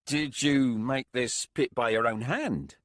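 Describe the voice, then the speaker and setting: A man's voice: medium pitch, takes it slowly, fairly bright tone, no echo, voice pushed up. A man voicing a hesitant, cautious husband. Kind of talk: audiobook character voice.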